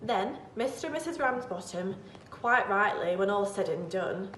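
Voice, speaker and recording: A woman's voice: mid-range voice, animated, moderate pace, a bit bright, slight background noise. Distant woman reciting verse, roomy sound. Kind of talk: recited comic verse monologue.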